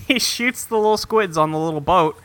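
A man's voice: sits high, normal speed, fairly bright tone. A man co-hosting a casual podcast, recapping a cartoon episode with jokes and frequent fillers. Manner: joking, hedges with fillers like um and anyway. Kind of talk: casual chat.

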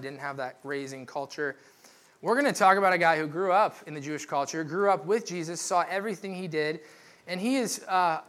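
A young man with a slightly high voice gives a relaxed, conversational sermon. He jokes with the congregation, fills gaps with "like" and "right?", and keeps the tone light while walking through scripture. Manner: chatty, joking, lots of "like" and "right?". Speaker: pastor. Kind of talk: casual sermon.

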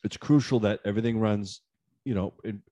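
A man in casual chat, telling a story in an animated, ranting way, acting out both sides of phone calls and climbing sharply in pitch when riled. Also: a little fast. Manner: acts out the other side of phone calls; repeats himself, frequent restarts.

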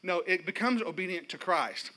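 With animated, humorous storytelling, a middle-aged pastor delivers a church sermon and prompts the congregation for responses. His voice sits high and moves at a moderate pace.

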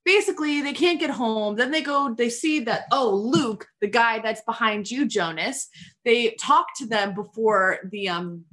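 Young woman with a bright, slightly high voice, rambling through a movie plot in animated casual chat. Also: unhurried. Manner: rambling, animated retelling with quoted voices and swearing.

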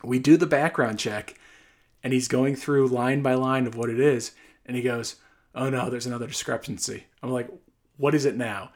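Casting note: young guy, mid-pitched, rambling storyteller, gets exasperated. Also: fairly even intonation, moderate pace. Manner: rambling, exasperated anecdote with quoted dialogue. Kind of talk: casual storytelling.

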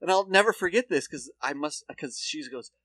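A man's voice: fairly high pitch, fairly quick, no room sound. A man co-hosting a comedy podcast, telling a long story in a loose, swearing, laughing way. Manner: animated storyteller, laughs often, swears freely. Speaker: podcast co-host. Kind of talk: casual comedic chat.

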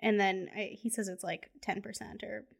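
A woman's voice: medium pitch, moderate pace, gravelly. A young woman in easy conversation, recapping a movie scene by scene. She slips into the characters' lines as she goes and laughs often. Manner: animated storytelling, acts out quotes, laughs often. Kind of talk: casual chat about a film.

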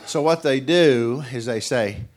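A middle-aged man from Tennessee with a strong East Tennessee Southern accent, preaching as a visiting guest. He tells homespun stories to the congregation in a chatty, folksy way. When he acts out the people in his stories, his voice jumps up high. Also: measured pace. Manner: animated storyteller who acts out characters. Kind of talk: folksy sermon storytelling.

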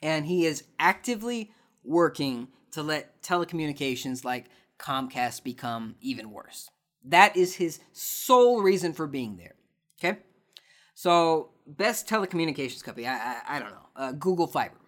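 A podcast host with a fairly high, sing-song male voice answers listener questions at a moderate pace. The chat is casual, sarcastic and ranting.

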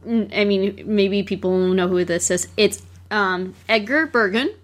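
A woman talks through a movie in an easygoing chat, pausing often and reaching for the right word as she shares facts she looked up. Her speaking voice sits at an ordinary middle pitch. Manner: halting, explaining looked-up facts. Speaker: podcast co-host. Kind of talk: casual movie discussion.

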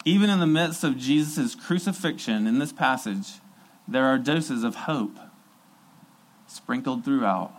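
A man's voice: mid-range voice, lively intonation, unhurried, low-quality recording. A man preaching a sermon in an earnest, emphatic way, repeating key phrases for weight.

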